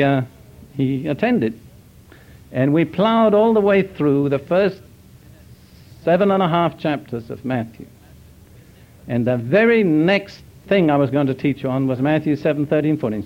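Older male preacher, dull lo-fi sound. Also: a little high. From Britain. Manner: earnest, measured, deliberate pauses. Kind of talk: sermon storytelling. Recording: dull lo-fi recording.

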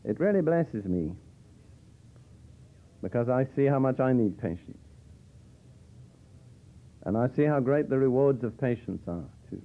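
A man's voice: medium pitch, lively intonation, unhurried, pauses often. A man teaching from the Bible in a conversational sermon style with dry humor, explaining verses as he goes. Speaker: preacher. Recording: tinny phone-like old tape.

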